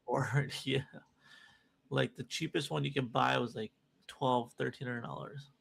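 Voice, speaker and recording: A man's voice: mid-range voice, flat delivery, a little slow, vocal fry, fairly bright tone, husky. A man co-hosting a live trading stream, chatting in a jokey way and cheering the market on as trades play out. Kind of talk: casual chat and live trade commentary.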